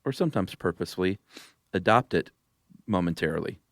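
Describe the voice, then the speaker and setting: A man co-hosting a podcast in casual chat, easygoing with dry humor and some halting restarts. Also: sits low, lively intonation, no room sound. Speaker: podcast co-host.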